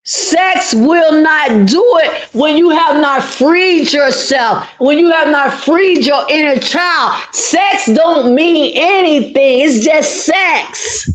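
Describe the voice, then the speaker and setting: A woman's voice: sits high, animated, slow, few pauses. A woman hosting her own channel, talking through an emotional monologue in a repetitive, pleading, heartfelt way. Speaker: channel host giving life advice.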